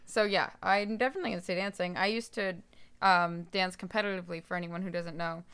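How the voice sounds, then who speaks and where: A woman's voice: lowish voice, fairly even intonation, quick pace, a bit bright, clear, resonant tone. A young woman hosting a podcast, chatting casually and teasing her sister, laughing often. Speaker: podcast host.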